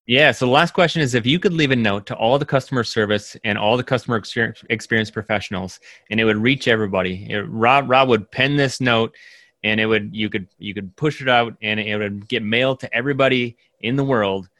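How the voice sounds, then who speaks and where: A man's voice: medium pitch, brisk, fairly bright tone, dry recording. A man interviewing a guest, asking his questions plainly and affirming the answers briefly.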